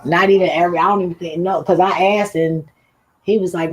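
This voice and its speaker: A woman streaming a casual, profane rant, animated and laughing often as she talks. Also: lowish voice, moderate pace, breathy edge, low-quality recording. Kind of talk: casual ranting monologue.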